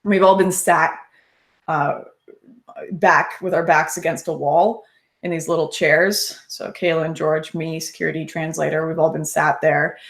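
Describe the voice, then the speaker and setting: A young woman casually telling a first-person story, animated and laughing often as she talks. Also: sits low.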